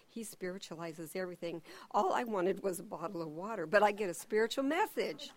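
A middle-aged woman teaching at a church, who tells personal stories in an animated way and acts out what people said. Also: medium pitch, brisk, few pauses, no room sound.

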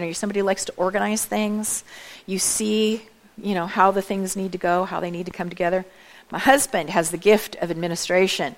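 A chatty woman gives a lively talk to a church audience, her voice gravelly with vocal fry. She keeps asking her listeners direct questions and adds quick asides. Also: mid-range voice. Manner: chatty, many asides and laughs. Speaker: speaker at a church event.

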